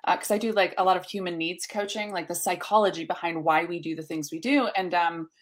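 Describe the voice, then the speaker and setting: A woman's voice: on the low side, fairly quick. A woman coach being interviewed, speaking in an upbeat, emphatic way and explaining with examples. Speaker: guest, coach. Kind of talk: conversational interview.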